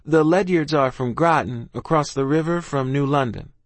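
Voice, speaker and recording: A scared but polite young girl, voiced by a man, answering with meek respect. Her lines sit a little higher and softer. The sound is dry. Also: normal speed, dry recording, close to an everyday voice.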